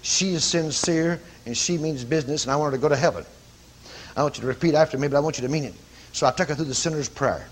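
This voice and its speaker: A man preaching, telling a story with animated, commanding calls. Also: fairly high pitch, fast, slight background noise. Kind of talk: sermon storytelling.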